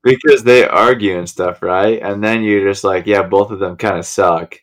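Hesitant young man, slightly low voice. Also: steady tone, moderate pace. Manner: hesitant, lots of you know and um. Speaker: podcast co-host. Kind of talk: casual chat.

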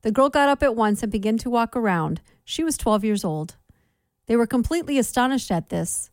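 A woman reads scripture aloud in a measured, steady way, her voice sitting a little high. The sound is close and dry, with no room around it. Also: no echo. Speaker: scripture reader. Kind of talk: measured Bible reading.

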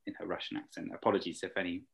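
A young man talking as an interview guest, eager and rambling with plenty of fillers. His voice sits somewhat low in pitch. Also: little pitch movement, rapid-fire, gravelly, low-quality recording. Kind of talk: casual interview chat.

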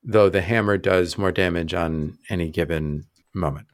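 Low-voiced man running a tabletop game. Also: no echo. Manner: measured, explaining rules patiently. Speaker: game master.

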